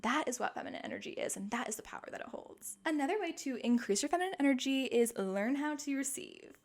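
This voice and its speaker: A woman's voice: high voice, lively intonation, quick pace. A young woman in her twenties hosting a casual self-help podcast, chatty and upbeat with plenty of fillers. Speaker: podcast host.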